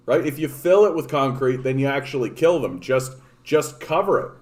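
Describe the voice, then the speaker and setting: Male livestream host from Canada, mid-pitched, rambling sarcastic rant full of swearing and false starts. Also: moderate pace, a little mellow. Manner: profane, rambling, sarcastic, many restarts. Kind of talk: casual ranting livestream chat.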